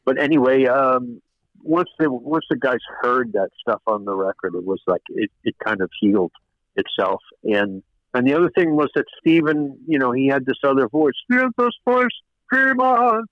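A man's voice: mid-range voice, fairly even intonation, normal speed, no echo. An older man, a record producer, telling stories in an interview, rambling with many fillers and restarts. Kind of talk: casual interview storytelling. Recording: dull lo-fi radio sound.

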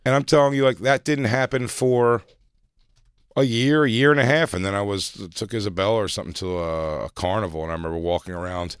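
Fast-talking deep-voiced man in casual chat. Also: steady tone, clean tone, dry recording, clean studio sound. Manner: rambling, fast, frank storytelling with many fillers. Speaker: podcast co-host, comedian. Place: radio studio. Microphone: studio microphone.

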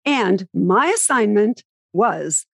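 A woman's voice: mid-range voice, animated, takes it slowly, gravelly, husky, no echo. A woman interviewing a guest in an enthusiastic, chatty way. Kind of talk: casual interview.

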